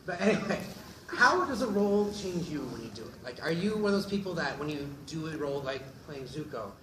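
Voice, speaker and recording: A man's voice: fairly high pitch, very animated, brisk, a crowd in the background. A man in a panel audience, friendly and joking, who asks the guest a question. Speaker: audience member asking a question. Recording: roomy hall from far off, audible noise.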